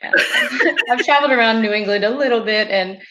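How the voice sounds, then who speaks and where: A woman's voice: fairly high pitch, normal speed, background noise. A woman from South Carolina with a Southern accent, chatting as a guest over a video call and laughing often. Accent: Southern American. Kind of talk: casual chat.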